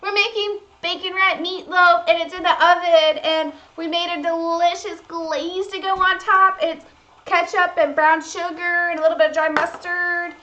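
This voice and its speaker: A woman's voice: extremely high pitch, flat delivery, moderate pace, pushed and bright, muffled recording. A woman hosting a cooking livestream, chatting in a bubbly, gushing way to her viewers. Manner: bubbly, gushing, talks to chat. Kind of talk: casual livestream chat to viewers. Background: faint background music.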